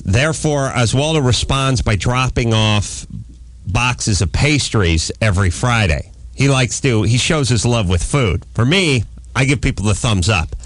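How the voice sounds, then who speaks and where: A middle-aged man tells a comic story on a radio talk show, his voice swinging widely up and down. He rants with sudden shouted outbursts. The studio sound is close and dry. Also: mid-range voice, unhurried, dry recording. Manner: animated ranting anecdote with shouted quoted outbursts. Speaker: host. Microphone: studio microphone.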